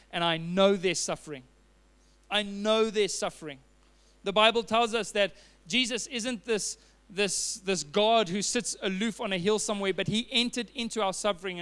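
A man's voice: high voice, fairly bright tone, clean tone. A man preaching a sermon as a pastor, telling a personal story with earnest fillers and restarts.

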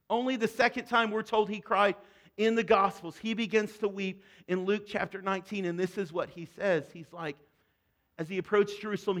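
Preaching to his congregation in a high-pitched voice, a male pastor speaks earnestly and directly. His delivery softens and quiets whenever he reaches emotional points.

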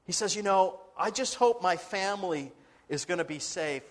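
High-voiced pastor telling a story. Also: male voice, animated, normal speed. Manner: earnest, dramatic retelling with quoted dialogue. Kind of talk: sermon storytelling.

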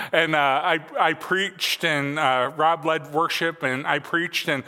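A man's voice: on the high side, steady tone, slow, pushed and bright, in a large hall. A man in his forties preaching a sermon in a church, telling stories casually with lots of fillers. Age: 40s. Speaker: pastor. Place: church sanctuary.

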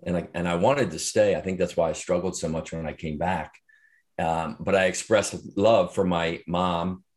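A man's voice: deep voice, fairly even intonation, moderate pace. A middle-aged man, a podcast guest, earnestly recounting a personal story in a reflective way with frequent fillers and restarts. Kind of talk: interview storytelling.

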